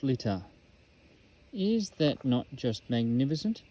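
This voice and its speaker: An Australian man excitedly showing off metal detecting finds at an old rubbish dump, in a casual outdoor vlog full of slang. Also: medium pitch, unhurried, muffled recording, soft background music.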